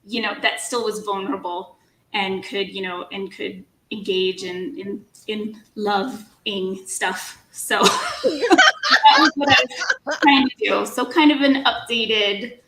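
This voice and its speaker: A woman's voice: mid-range voice, very animated, takes it slowly, reverberant, noisy background. A woman guest author chatting casually in an interview, giggly and self-deprecating.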